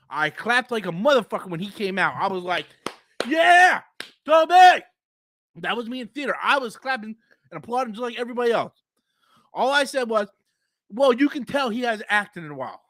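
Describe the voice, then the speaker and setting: A man's voice: sits high, expressive, fairly quick, pushed and bright, a little hiss or hum. A man hosting a casual live stream, heated and profane, who breathes through his mouth and coughs often.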